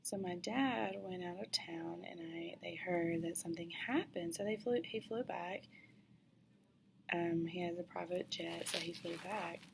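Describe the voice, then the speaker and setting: Gravelly woman telling a halting story. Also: on the low side, slight background noise. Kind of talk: personal storytelling.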